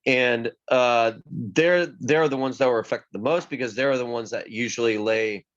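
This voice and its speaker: A man in mid-range voice chatting casually, rambling and stumbling through his stories with plenty of fillers. The recording sounds slightly dull and lo-fi. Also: medium pitch. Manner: rambling, halting storytelling with many fillers. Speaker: union pipefitter guest. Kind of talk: casual chat.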